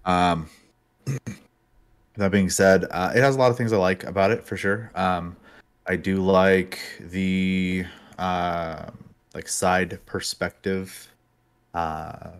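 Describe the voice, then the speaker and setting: A man's voice: sits low, steady tone, takes it slowly, smooth. A man co-hosting a podcast, chatting casually and a little hesitantly, with many ums and restarts. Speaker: podcast co-host. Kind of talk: casual chat.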